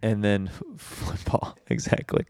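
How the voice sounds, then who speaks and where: Smooth, low-voiced man telling stories. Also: wildly swooping pitch, slow, darkish tone, dry recording, clean studio sound. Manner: rambling storyteller, laughs easily. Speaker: podcast co-host. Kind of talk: casual comedic chat.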